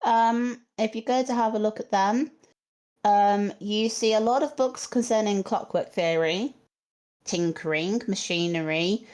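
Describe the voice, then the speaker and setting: Woman, game master, slow pace, hesitant, many ums, tabletop narration. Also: mid-range voice, a little mellow.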